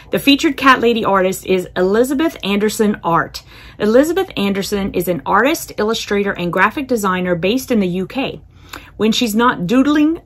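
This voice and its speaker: A woman chatting excitedly as she unboxes a subscription box at home, cooing over the items and calling to her cats. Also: medium pitch. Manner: bubbly and excitable, talks to her cats, hums to herself. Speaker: unboxing vlogger. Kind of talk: casual unboxing chat. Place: home, indoors.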